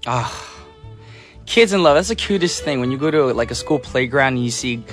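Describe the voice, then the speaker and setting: A man's voice: medium pitch, expressive, moderate pace. A man hosting a radio show, chatting casually and upbeat while reading listener messages. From United States. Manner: chatty, upbeat, laughs easily. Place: radio studio. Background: soft background music.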